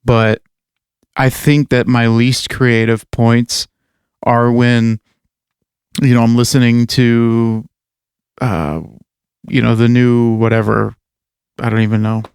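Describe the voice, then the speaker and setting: A man's voice: mid-range voice, little pitch movement, slow pace, pauses often, a little mellow, clear, resonant tone, no echo, studio quality. A man co-hosting a podcast, rambling casually with lots of fillers and swearing. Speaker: podcast co-host and metal musician. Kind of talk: casual chat.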